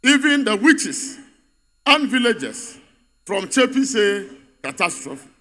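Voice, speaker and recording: A man's voice: high voice, big pitch swings, slow, bright, forceful tone. A man giving an emphatic, repetitive political speech at a party congress in a large venue. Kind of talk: rally speech. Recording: reverberant hall.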